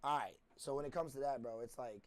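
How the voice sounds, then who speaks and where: A young man hosting a casual chat show, loud and profane, cutting in often. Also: medium pitch, quick pace. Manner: loud, profane, interrupts, laughs. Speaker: podcast host.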